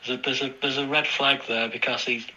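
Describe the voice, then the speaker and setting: Sweary British man, very bright voice. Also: medium pitch, fairly quick, poor audio. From United Kingdom. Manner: chatty, sweary, animated. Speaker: listener sending a voice message. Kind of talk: casual recorded voice memo.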